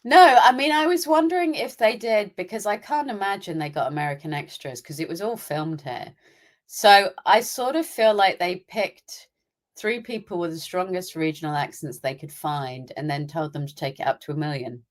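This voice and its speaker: Young British woman, low-pitched, podcast co-host, opinionated and chatty. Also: moderate pace. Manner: chatty and opinionated, acting out asides. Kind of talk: casual chat.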